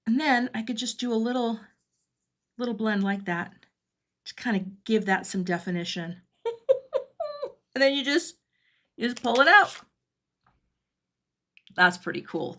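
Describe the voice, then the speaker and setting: A woman's voice: medium pitch, a bit bright, slight background noise. Chatty middle-aged woman crafting live. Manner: chatty, thinks aloud while working, answers viewer comments. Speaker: card-making livestream host. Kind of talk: casual crafting livestream chat. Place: home craft studio.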